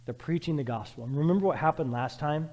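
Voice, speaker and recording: A man preaching a sermon as pastor, emphatic and repetitive, swinging from loud urging to quiet, reflective passages. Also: on the high side, fast, big-room sound, lo-fi sound.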